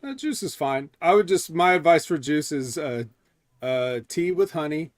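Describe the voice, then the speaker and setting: A man's voice: on the high side, expressive, moderate pace, dry recording. Wry man with dry close sound. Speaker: guest co-host. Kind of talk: casual chat.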